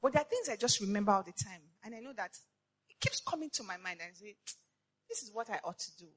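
A woman preaching a sermon to women, passionate and repetitive, firing rhetorical questions and rising to shouts. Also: mid-range voice, lively intonation, quick pace.

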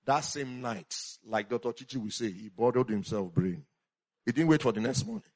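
A man preaching a sermon as a pastor, animated, swinging between loud exclamations and quiet asides. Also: mid-range voice, normal speed.

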